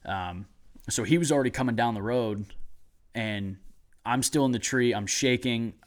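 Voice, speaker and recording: A young man telling a hunting story in a casual chat, excited and rambling with lots of "like". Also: mid-range voice, moderate pace.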